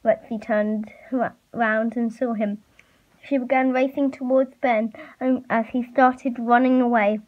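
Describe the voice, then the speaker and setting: A woman reading a fan story aloud, halting and stumbling with fillers. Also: a little high, fairly even intonation. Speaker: reader. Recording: muffled lo-fi recording.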